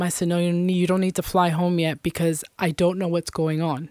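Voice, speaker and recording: Middle-aged woman, interview guest, earnest testimony, lowish voice, dry. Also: little pitch movement, normal speed, a little mellow, dry recording. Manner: earnest, many fillers like "you know" and "um".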